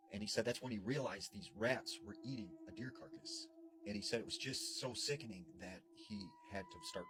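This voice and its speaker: A man casually retelling a scary story he heard from someone else, repeating "and he said" and "you know" as he goes. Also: on the low side. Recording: noisy background.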